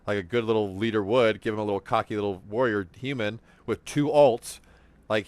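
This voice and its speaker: A man's voice: medium pitch, a little fast, dry recording. A young man hosting a casual gaming podcast, rambling with lots of "like" and swearing, acting out what others said. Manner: rambling, profane, fillers like "like", acts out quotes. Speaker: podcast host. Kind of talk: casual chat.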